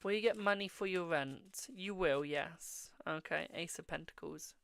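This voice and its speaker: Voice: medium pitch, unhurried, vocal fry, a bit bright, smooth, no room sound. A host reading tarot on a live stream, answering viewers' questions, calling them "my darling" and murmuring while drawing cards. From England.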